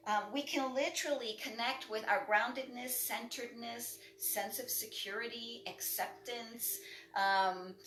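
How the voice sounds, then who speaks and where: Female breath coach, slightly high and bright, warm-hearted live class talk in a roomy space. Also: slight background noise. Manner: encouraging, conversational, lots of "right?". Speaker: breathwork instructor. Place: indoor room, livestream.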